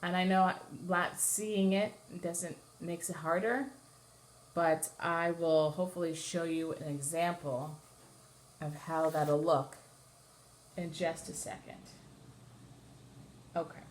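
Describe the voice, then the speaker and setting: Taking it slowly and pausing often, this woman speaks in a lowish, fairly even voice. She's a cantor giving an online Torah chanting lesson at home over a running dishwasher, walking through each step and singing short trope-name examples.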